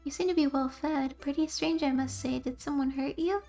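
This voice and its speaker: A woman's voice: sits high, steady tone, moderate pace, warm tone, soft background music. A young woman streamer who reads game text aloud and tells rambling stories between lines, laughing often. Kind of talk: casual game commentary and reading.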